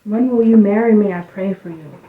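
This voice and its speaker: A woman giving a casual spiritual card reading, rambling loosely and dropping into soft muttered asides. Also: medium pitch, normal speed. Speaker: tarot reader. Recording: tinny, phone-like sound in an echoey room.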